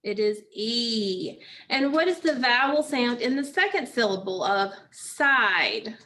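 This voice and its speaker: Female teacher, slightly high voice, slow deliberate phonics drills for kids. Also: lively intonation, pushed and bright, slight background noise. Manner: slow, patient, asks and answers own questions. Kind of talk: phonics lesson for children.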